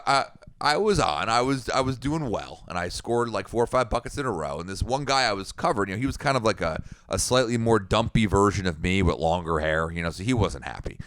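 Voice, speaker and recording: A man's voice: deep voice, fairly bright tone, no room sound. A man in his thirties co-hosting a podcast, telling a casual story in a rambling way with frequent restarts. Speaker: podcast co-host.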